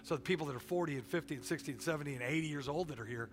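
A middle-aged man preaching a sermon as pastor, swinging between loud exhortation and quiet storytelling. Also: on the high side, rapid-fire. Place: church sanctuary. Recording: long reverb of a large hall.

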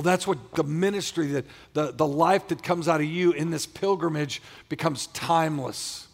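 A man's voice: fairly high pitch, creaky, big-room sound. A male pastor preaching a sermon, emphatic and often repeating and restarting his phrases.

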